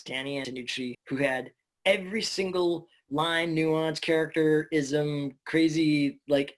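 Chatty, animated man telling stories. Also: fairly high pitch. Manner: animated, chatty, swears casually. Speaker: voice actor guest. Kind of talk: casual interview storytelling.

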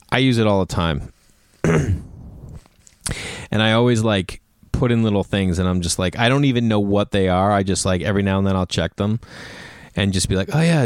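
A man's voice: fairly low pitch, clean tone, dry recording, studio quality. A man in his thirties talking casually on his own podcast, rambling through stories and acting out quotes in a raised voice. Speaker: podcast host. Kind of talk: casual solo podcast monologue.

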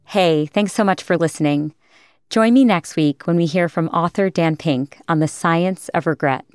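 A woman podcast host giving calm, clear scripted narration. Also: fairly low pitch, normal speed, dry recording, clean studio sound. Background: guitar music.

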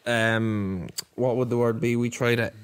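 A man's voice: mid-range voice, fairly even intonation, measured pace, clear, resonant tone. A man on a podcast, talking bluntly in casual chat, ranting and swearing freely.

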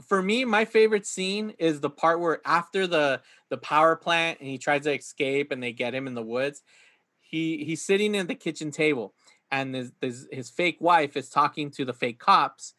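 A man's voice: fairly high pitch, moderate pace, bright, forceful tone, no echo. A man chatting casually about a movie, talking animatedly and acting out scenes in a raised voice.

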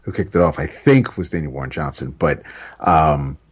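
A man co-hosting a casual podcast chat, rambling and repeating words, with a husky voice. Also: very deep voice, normal speed, muffled recording. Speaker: podcast co-host.

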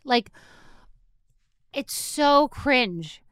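A woman's voice: high voice, sing-song, slow, pauses often, fairly bright tone, dry recording, clean studio sound. A middle-aged woman hosting a podcast, ranting sarcastically and exasperatedly, with plenty of swearing. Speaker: podcast host. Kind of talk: solo comedic rant.

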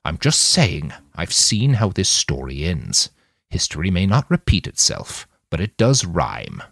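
A man's voice: sits low, wildly swooping pitch, a little slow, vocal fry, fairly bright tone, husky, dry recording, clean studio sound, exaggerated voice. A man playing a grim, grumbling old man who warns of danger. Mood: insistent. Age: over 60 (figure).

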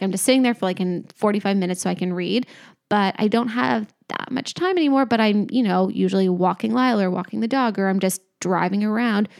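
A young woman co-hosting a podcast in casual chat, rambling and laughing often. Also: medium pitch. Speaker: podcast co-host.

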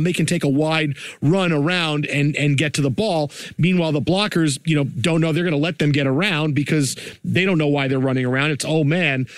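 A man hosting a sports show, breaking down plays and telling stories in an animated, conversational way. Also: on the high side, no echo. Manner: animated, conversational, filler-heavy. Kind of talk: casual game breakdown and storytelling.

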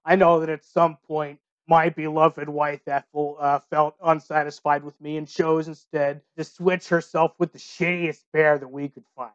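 A man playing a blunt deadpan old circus hand. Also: a little high, moderate pace, hardly any pauses, clear, resonant tone, no echo, highs cut off, natural voice. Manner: deadpan, blunt, matter-of-fact. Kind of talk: improvised comedy podcast.

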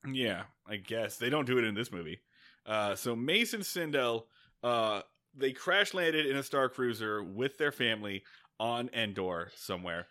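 Laughing and swearing here and there, a male podcast co-host makes casual, comedic conversation about movies. He speaks at a measured pace in a medium pitch that comes across pushed and bright.

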